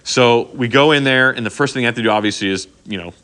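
A man's voice: mid-range voice, fast talker. A middle-aged man preaching a sermon, telling stories in a conversational way and often checking in with "okay?". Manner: conversational, animated storytelling with frequent "okay?" asides. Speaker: pastor.

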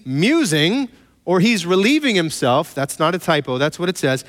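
Animated man preaching in a reverberant hall. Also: a little high, normal speed. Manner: animated storytelling with playful asides and mock voices. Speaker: pastor. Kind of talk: sermon.

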